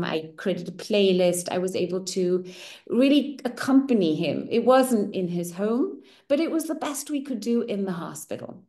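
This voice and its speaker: A medium-pitched middle-aged woman, German by first language, leads a women's circle. She tells a personal story openly and expressively, repeatedly asking "right?" to check in.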